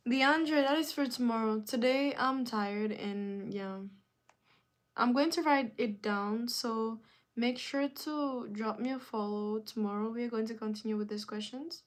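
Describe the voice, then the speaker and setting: Woman doing a live stream, kinda high voice, talks slow, reads the chat out loud and goes quiet and whispery sometimes. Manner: drifts from loud rallying calls to soft near-whispered asides; repeats questions to the chat. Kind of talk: casual live stream chat, reading viewer comments.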